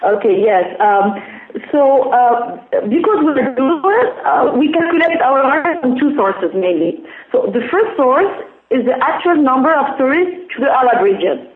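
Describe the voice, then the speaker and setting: A woman with a French accent, measured and careful as she explains her business in an interview. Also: high voice, lively intonation. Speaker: interview guest, business founder. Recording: tinny echoey phone line.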